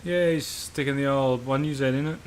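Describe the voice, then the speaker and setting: A man's voice: medium pitch, fairly even intonation, moderate pace, background noise. A man hosting a live stream, chatting casually and bluntly with viewers and swearing freely. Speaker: livestream host.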